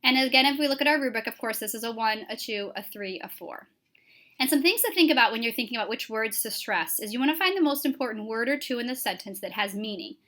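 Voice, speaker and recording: A woman teacher giving a recorded lesson to her class, explaining clearly with frequent "um" fillers. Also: on the high side, animated, fast, fairly bright tone.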